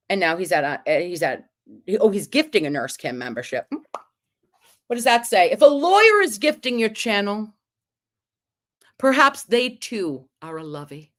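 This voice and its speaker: A woman's voice: lowish voice, a bit bright. A woman hosting a casual livestream, chatty and gushing as she reads out viewer comments. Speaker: livestream host.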